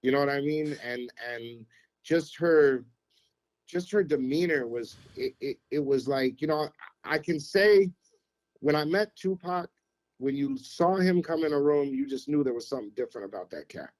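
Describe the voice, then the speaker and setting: A middle-aged man, a former radio programmer, telling anecdotes on a podcast in an animated, casual way. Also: on the high side, moderate pace, poor audio. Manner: animated anecdote-telling, acts out quotes, keeps saying "you know what I mean". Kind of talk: casual storytelling.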